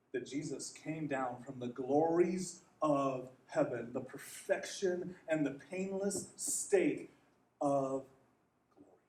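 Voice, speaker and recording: A man's voice: mid-range voice, a little mellow. A man preaching a sermon as pastor, asking earnest rhetorical questions and telling a story. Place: church. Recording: echoey hall, distant mic, faint noise.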